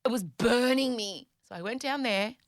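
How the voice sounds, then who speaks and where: A woman, hosting a podcast and retelling a story in an animated, dramatic way with some swearing. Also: fairly high pitch, normal speed, no echo, studio quality. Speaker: podcast host. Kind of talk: comedic storytelling.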